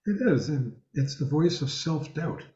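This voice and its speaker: A man leading a group discussion over a video call, speaking in a measured, emphatic way. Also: on the high side, darkish tone. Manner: measured, emphatic, slows on key words. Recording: echoey, dull video-call audio.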